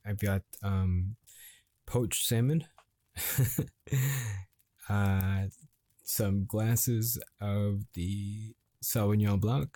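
An actor playing a frustrated husband confronting his wife at dinner, halting and swearing as he grows angrier. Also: fairly low pitch, creaky, dry recording, exaggerated voice. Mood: pleading. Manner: halting, swearing, escalating to yelling. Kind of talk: improvised dramatic monologue.

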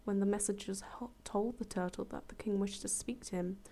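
A woman reads a fable aloud as a storyteller, relaxed and chatty, tossing in casual asides and correcting herself. Her voice is medium-pitched and a little fast.

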